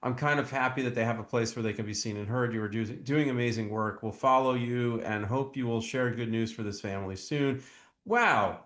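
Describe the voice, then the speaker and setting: A man's voice: medium pitch, fairly bright tone, reverberant. A man co-hosting a true crime podcast, talking casually and earnestly, often restarting his words, as he reads viewer comments. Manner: earnest, halting, repeats words. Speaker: podcast co-host. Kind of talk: casual chat reacting to comments.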